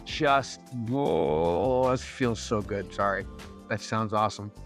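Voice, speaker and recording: A man co-hosting a casual hobby podcast, talking with gushing enthusiasm and quick laughs. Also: lowish voice, animated, soft background music. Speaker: podcast co-host.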